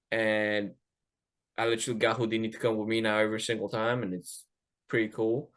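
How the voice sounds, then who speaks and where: Animated man telling a casual story. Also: on the low side, a little fast. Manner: animated, swears freely, acts out quotes. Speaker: podcast host.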